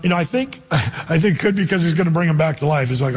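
A male pastor giving an animated sermon, asking his listeners questions and acting out quoted voices. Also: fairly high pitch, fast talker, hardly any pauses, long reverb tail.

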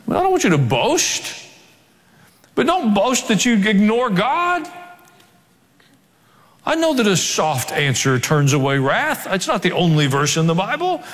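A man's voice: sits high, sing-song, moderate pace, fairly bright tone. A male pastor preaching a sermon, swinging between joking asides and emphatic exhortation. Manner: humorous asides, emphatic rising delivery. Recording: long hall reverb.

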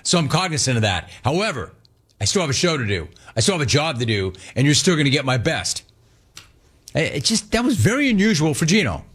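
Animated sports radio host, lively pitch. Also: male voice, fairly quick, slightly rough. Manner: animated, mocking, repetitive emphasis.

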